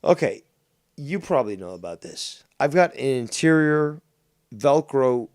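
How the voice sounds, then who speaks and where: A man's voice: mid-range voice, lively intonation, unhurried, darkish tone, no room sound, studio quality. A man with a Canadian accent, a podcast guest rambling through casual chat with plenty of ums, restarts and the odd swear.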